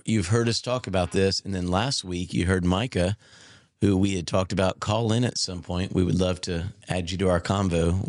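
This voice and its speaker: A man co-hosting a podcast, speaking earnestly and warmly about people he admires. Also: deep voice, no room sound, studio quality. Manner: earnest, heartfelt storytelling. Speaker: podcast co-host. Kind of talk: casual podcast chat.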